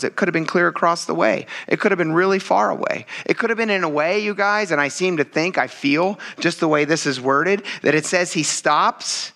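A man preaching a sermon in a casual, conversational way, often turning to his listeners and building to loud exclamations. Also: fairly high pitch, creaky. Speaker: pastor.

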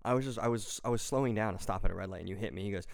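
Young man telling stories, animated. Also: lowish voice, rapid-fire, gravelly. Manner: animated storyteller, swears, acts out shouting in quotes. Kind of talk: casual chat.

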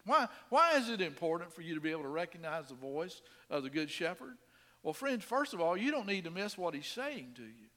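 A middle-aged male pastor preaching a sermon in an earnest manner, swinging between quiet asides and emphatic stresses. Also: high-pitched, in a large hall.

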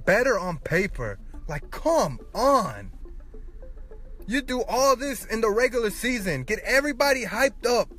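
A man's voice: sits high, sing-song, unhurried, soft background music. A young man hosting his own sports podcast, ranting angrily and swearing, his voice climbing in outrage. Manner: angry ranting, swears, rising to near shouts. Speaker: podcast host. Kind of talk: solo sports rant podcast.

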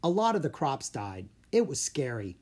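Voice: mid-range voice, sing-song, moderate pace, a little mellow. A reader voicing an eager, friendly young boy dragon master in a storybook audiobook. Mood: excited. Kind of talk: audiobook character reading.

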